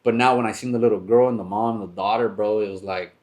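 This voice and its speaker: A man's voice: fairly low pitch, fairly even intonation, quick pace, darkish tone. A young man co-hosting a podcast, telling a long story in a rambling, restarting way, full of swearing and "bro". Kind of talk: casual storytelling chat.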